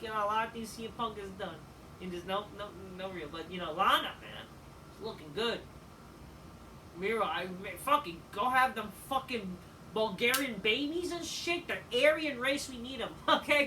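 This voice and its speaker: A man giving a casual, rambling review of a wrestling show, swearing often and filling pauses with "like" and "you know.". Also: high-pitched, sharp tone. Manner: profane, rambling, with frequent fillers. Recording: distant mic with faint background noise.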